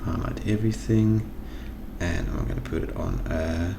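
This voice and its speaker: A man with a South African accent talking through a software tutorial, thinking aloud as he clicks through menus. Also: low-pitched, moderate pace, vocal fry. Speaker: tutorial host. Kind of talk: screen-recorded software tutorial. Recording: echoey room with noise and keyboard typing.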